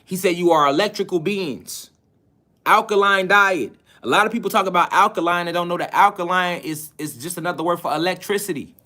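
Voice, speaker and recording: A man with a fairly high-pitched voice delivers a spiritual lecture to an online audience. He talks insistently and keeps throwing rhetorical questions at his listeners, pressing them to see his point. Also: a little fast, sharp tone. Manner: emphatic, insistent.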